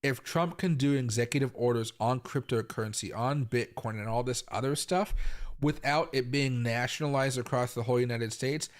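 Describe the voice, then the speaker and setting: A young adult man from the US Pacific Northwest hosts a live crypto market stream in casual, rambling commentary, full of fillers and repeats, with sudden loud outbursts. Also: medium pitch, normal speed. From Tacoma, Washington, US. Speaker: crypto market livestream host.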